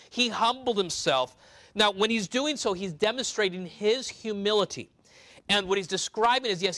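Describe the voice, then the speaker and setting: Male preacher, slightly high bright voice, conversational sermon delivery. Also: no echo. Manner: conversational, explaining scripture verse by verse.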